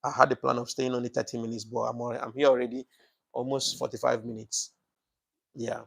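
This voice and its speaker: A man talks to viewers on a live broadcast, his voice rough with gravel at a middling pitch. He thanks people by name over and over, stumbles through fillers, and turns preachy and fervent about politics. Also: level tone, a little fast, a bit bright. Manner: passionate, preachy political commentary. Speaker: live-stream host. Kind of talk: casual live broadcast chat.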